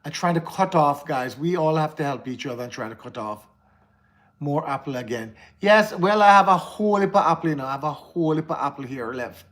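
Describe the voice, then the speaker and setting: A man's voice: a little high, expressive, brisk, a bit bright. A man with a Jamaican accent hosting a casual livestream, talking candidly to his viewers, answering the live chat and often repeating himself. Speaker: livestream host.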